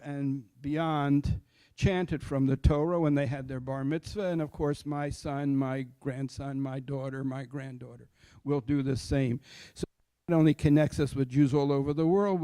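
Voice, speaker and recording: A man's voice: on the high side, mellow, smooth, no echo. An older man, a cantor, giving an informal lecture to a study group, explaining patiently and asking his listeners questions before answering them himself. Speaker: cantor teaching Torah chant.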